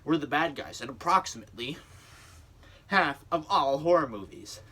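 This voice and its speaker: A young man voicing a low, matter-of-fact male demon henchman giving a report. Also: expressive, normal speed, pushed and bright, slightly rough, full character voice. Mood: briefing.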